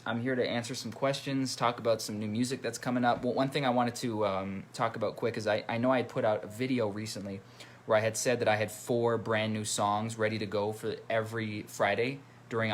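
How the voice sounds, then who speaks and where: A man's voice: on the low side, steady tone, a little fast, a little hiss or hum. A man hosting a casual livestream as a musician, chatting and reading out viewer comments. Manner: chatty, reads viewer comments aloud and greets them. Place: at home by his computer.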